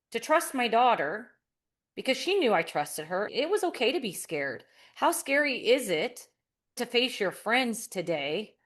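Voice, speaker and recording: Sincere woman guest telling a story. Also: fairly high pitch. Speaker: podcast guest. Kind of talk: casual conversation.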